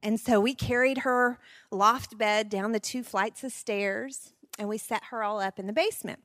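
Expressive woman in her 40s sharing family stories w/ parents, lots of laughs, very dry close sound. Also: fairly high pitch, moderate pace, dry recording. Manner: animated and expressive, laughing often. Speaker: speaker at a parenting seminar. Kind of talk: personal storytelling talk.

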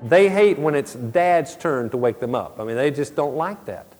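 A middle-aged man preaches a sermon in an earnest, conversational way and slips into homely storytelling asides. His voice sits at an ordinary pitch for a man. It carries a long reverb that rings through a large hall. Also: animated, normal speed, a little mellow. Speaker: pastor.

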